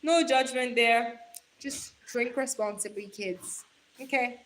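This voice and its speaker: A woman livestreamer chatting casually, animated and laughing often as she teases and advises her viewers. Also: on the high side, takes it slowly. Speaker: livestreamer reading chat.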